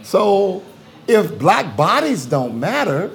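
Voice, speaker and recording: A man's voice: fairly high pitch, very animated, a little slow, a little mellow, a little hiss or hum. A man, a theologian guest in a conversational interview, talking emphatically and repeating phrases for rhythm.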